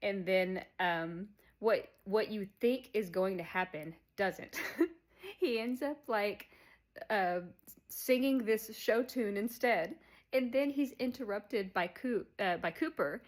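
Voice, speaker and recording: A woman's voice: medium pitch, measured pace. A woman casually recapping a film plot, chatty and full of fillers, laughing as she goes. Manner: chatty, many "like" and "um" fillers, laughs while retelling. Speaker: podcast host recapping a film.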